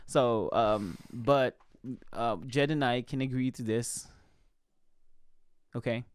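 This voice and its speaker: A man's voice: medium pitch, slow pace, clean tone, no echo, clean studio sound. A Filipino man with a Filipino accent, hosting a casual podcast chat in a playful, teasing way and laughing often. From Philippines. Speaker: podcast host.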